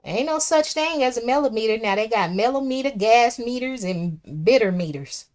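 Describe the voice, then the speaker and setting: A chatty woman with a fairly high voice hosts a livestream, reading the chat aloud and reacting in casual live commentary. She's expressive at a normal speed, swinging between soft asides and loud exclamations.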